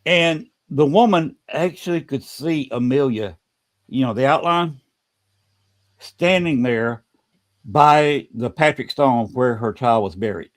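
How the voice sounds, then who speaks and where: A man hosting a podcast, telling a story in a casual, halting way and often repeating words. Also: mid-range voice, lively intonation.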